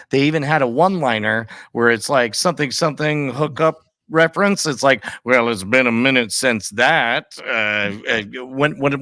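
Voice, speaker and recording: A man co-hosting a podcast, reflecting casually and haltingly on an old sitcom. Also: mid-range voice, fairly bright tone, no echo. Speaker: podcast co-host. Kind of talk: casual chat about a TV episode.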